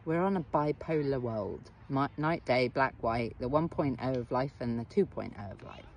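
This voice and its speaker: A middle-aged woman speaks straight to the viewer with a gravelly edge to her voice. She is a therapist telling a story, blunt and frank and not shy of a swear word, and she keeps asking the listener questions. A faint hiss of noise sits under her voice. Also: very deep voice, normal speed, darkish tone. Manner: direct address to the viewer with questions. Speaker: therapist and coach. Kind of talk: storytelling monologue to camera.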